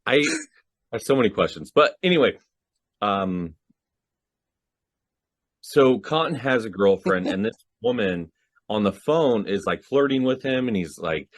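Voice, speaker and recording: Casting: low-voiced guy, animated podcast co-host, swears and laughs a lot. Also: unhurried, pauses often, no echo. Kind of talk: casual movie discussion.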